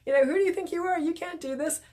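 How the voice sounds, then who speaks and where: A woman's voice: very high voice, fast talker, darkish tone, voice pushed up. A nagging little mindset gremlin sneers in a raised, taunting voice, put on by a woman. It belittles and discourages with every line. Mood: scornful.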